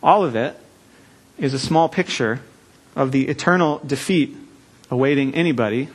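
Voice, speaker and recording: Earnest preaching man, measured pauses. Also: mid-range voice. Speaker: pastor. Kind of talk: sermon. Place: church.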